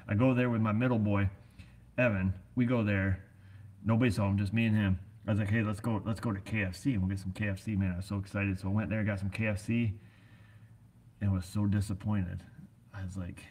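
A middle-aged American man who runs an auto repair shop, chatting casually in a folksy, rambling way full of fillers. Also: fairly low pitch. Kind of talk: casual rambling vlog chat.

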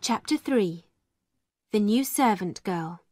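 A woman narrating a classic story for English learners in a slow, clear, expressive reading. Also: mid-range voice, over music.

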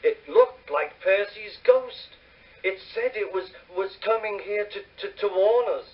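A man putting on a jittery old tram engine who stammers and trips over his words in a raised, shaky pitch. The sound is distant and muffled, with faint music underneath. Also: unhurried. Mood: frightened. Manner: stammering and anxious.

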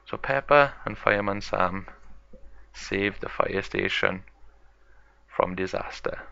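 Toy-channel narrator, slow and gravelly, dull lo-fi home recording. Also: male voice, sits low, sharp tone. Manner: plain storytelling, halting.

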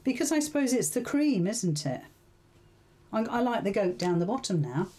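In a laid-back live sewing session, a woman muses aloud as she sews and repeatedly poses questions to her audience. Her medium-pitched voice is warm, mellow, and a bit rough, at a moderate pace.

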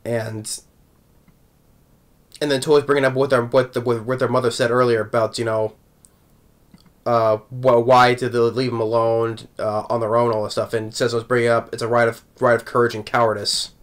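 A man's voice: mid-range voice, little pitch movement, normal speed. A man recapping an anime episode in a casual, rambling way, chuckling often between thoughts. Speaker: anime reviewer.

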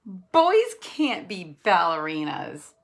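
A woman voicing a bossy, know-it-all older boy in a storybook reading, insistent and flat. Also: lowish voice, takes it slowly, gravelly, exaggerated voice.

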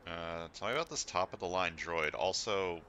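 A man's voice: low-pitched, lively intonation, moderate pace, sharp tone, slight background noise. A man hosting a let's play, making sarcastic jokes as he comments on the game. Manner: sarcastic, joking. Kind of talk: casual gameplay commentary.

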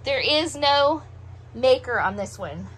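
High-voiced, slow-talking woman. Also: animated, fairly bright tone, breathy edge. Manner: chatty, unhurried, musing aloud. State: breathing heavily after a meal. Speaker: doll collector showing a clothing haul. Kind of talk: casual show-and-tell vlog.

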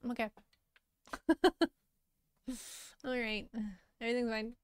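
A woman streaming as an artist, chatting casually with viewers while she draws, self-deprecating and quick to laugh, on a close mic. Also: a little high, smooth, no echo.

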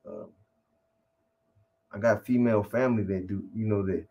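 A man's voice: fairly low pitch, normal speed, creaky, dark tone. A man in a casual interview, telling a long story in rambling, profane street talk with many restarts. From California.

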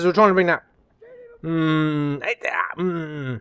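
A man giving chatty, excitable live commentary over a shooter game as a gaming channel host. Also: fairly high pitch, unhurried, clean tone. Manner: chatty, excitable, repeats come on and whoa. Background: faint game gunfire.

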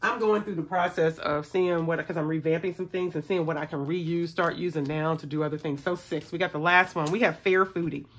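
A woman's voice: sits low, a little fast, few pauses. A middle-aged woman, chatting casually to viewers as she works through a savings challenge. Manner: chatty, excitable, talks to viewers as y'all. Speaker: budgeting vlogger.

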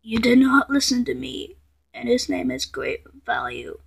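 Girl doing a cranky computer error lady, high voice, keeps scolding and tripping over her words. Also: sing-song, measured pace, creaky, husky, heavily acted. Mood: angry scolding. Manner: scolding, repeated threats, stammering restarts. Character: scolding female computer error, quick-tempered and bossy.

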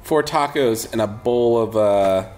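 A man's voice: mid-range voice, a little slow. A man co-hosting a podcast, telling a story in casual chat, swearing and laughing as he goes. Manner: animated, swearing, laughs as he tells it. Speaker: podcast co-host.

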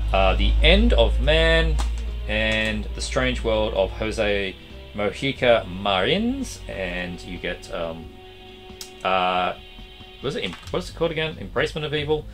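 A man hosting a casual collection update vlog, his voice going hoarse, rambling with lots of fillers. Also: lowish voice. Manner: rambling, animated, trailing fillers.

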